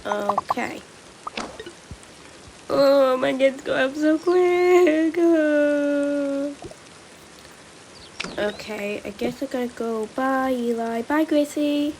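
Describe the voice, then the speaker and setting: A woman's voice: sits high, drawn-out words, long pauses, darkish tone. A young woman voicing a playful doll-game family skit, switching between character voices, with rain noise behind. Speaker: roleplay video maker.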